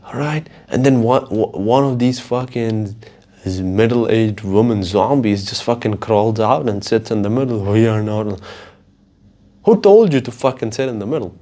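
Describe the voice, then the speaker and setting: A man's voice: on the low side, normal speed. A man hosting a podcast, talking casually on his own in a profane, rambling way. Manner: profane, rambling, animated storytelling. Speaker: podcast host. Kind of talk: casual solo monologue.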